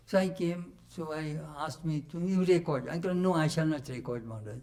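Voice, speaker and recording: Animated older man telling stories. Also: fairly high pitch, fairly quick, hardly any pauses. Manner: animated, laughing storyteller. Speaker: monk recalling his teacher. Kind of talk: storytelling talk to a retreat audience.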